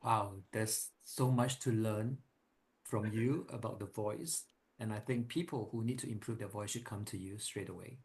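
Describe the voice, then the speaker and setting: A man's voice: fairly low pitch, steady tone, moderate pace, darkish tone. A man hosting an interview, asking curious follow-up questions in a casual, friendly way. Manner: curious, asks follow-up questions, laughs easily. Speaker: podcast host.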